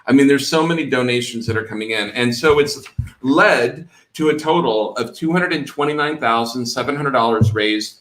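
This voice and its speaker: A man's voice: medium pitch, normal speed, a bit bright, roomy sound, rough recording. A man hosting a live fundraising show, chatting casually and reading donor names over a video call. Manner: chatty, teasing. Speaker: host.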